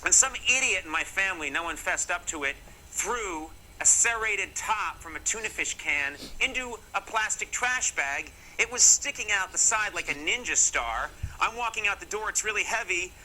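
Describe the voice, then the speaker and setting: A middle-aged man hosts a comedy bit, spinning stories in a jokey, mock-serious way with dry asides. His voice is very bright and sharp, sitting a little high for a man. A faint background hiss runs under the recording. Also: animated, moderate pace, low-quality recording. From Massachusetts, USA. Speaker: comedy show host. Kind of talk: comic talk to camera.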